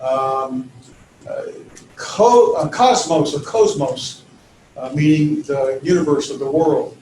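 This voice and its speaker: A man's voice: medium pitch, slow pace, darkish tone, a little hiss or hum. A man teaching a classroom lecture, informal and full of fillers and self-corrections. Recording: echoey classroom from far off.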